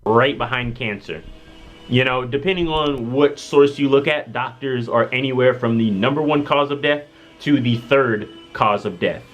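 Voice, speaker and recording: A man's voice: medium pitch, normal speed, faint music behind. A man in a played social media clip, talking earnestly and preachily about health, often tagging sentences with "you know" and "right?". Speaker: social media video creator. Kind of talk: earnest self-recorded advice video.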